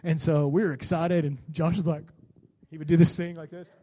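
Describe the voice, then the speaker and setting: A man's voice: on the high side, flat delivery, brisk, mellow. A man, a pastor preaching a sermon, telling a personal story in a casual, conversational way and building to fervent declarations.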